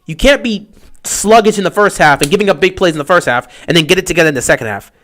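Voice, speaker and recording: A man giving excitable fan play-by-play commentary on a livestream, talking straight to his team. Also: high-pitched, fast talker, slight background noise.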